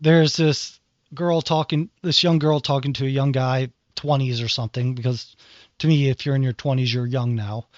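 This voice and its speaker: A man's voice: medium pitch, moderate pace, no room sound. A man co-hosting a podcast, rambling through examples in a casual chat. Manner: rambling, animated retelling with acted quotes. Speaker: podcast co-host. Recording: dry, dull lo-fi sound.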